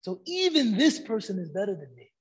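A man talking as a podcast guest in a relaxed way, with frequent affirmations and Arabic phrases. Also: high-pitched, fairly quick, breathy edge. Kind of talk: casual podcast conversation.

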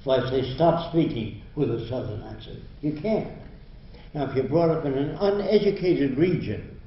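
A man's voice: mid-range voice, lively intonation, moderate pace, a little hiss or hum. Blunt older man lecturing in a roomy hall. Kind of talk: university lecture. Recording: roomy, dull lo-fi hall recording.

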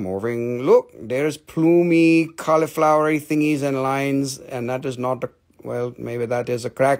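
A man hosts a live stream selling rocks, with a gravelly, slightly raised voice. He rambles excitedly and swears freely. He rushes through each piece as he shows it. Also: a little high. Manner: talks fast when showing items. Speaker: rock and mineral seller. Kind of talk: live sales stream, casual chat.

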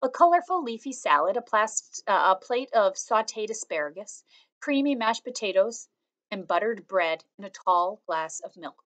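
A woman reading a children's novel aloud chapter by chapter, in a calm, steady storytelling manner. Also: medium pitch, moderate pace. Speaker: reader.

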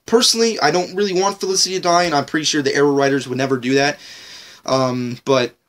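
A man's voice: on the high side, fairly even intonation, fast, fairly bright tone. A man ranting casually in a TV episode review vlog, rambling, joking and swearing heavily.

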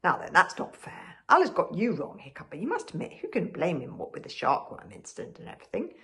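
A woman's voice: fairly low pitch, wildly swooping pitch, brisk, fairly bright tone, heavily acted. A woman voicing a big, sheepish, good-hearted male bodyguard who talks in an earnest, rambling way.

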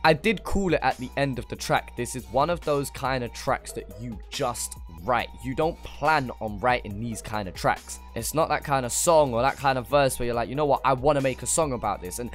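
A man, hosting a music reaction and giving casual, slangy commentary on a song. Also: mid-range voice. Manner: loose slangy street talk.

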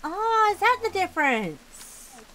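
A woman's voice: very high-pitched, sing-song, slow pace, bright, forceful tone, slight background noise. A woman streamer chatting casually while gaming, playful and teasing, laughing often. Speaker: streamer host.

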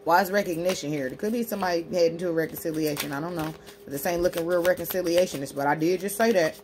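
A woman's voice: lowish voice, rapid-fire, background noise. A woman giving a tarot card reading, talking to the viewer in a brash, profane, emphatic way. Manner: animated, acting out imagined speech in a sassy tone. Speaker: tarot reader and spiritual healer.

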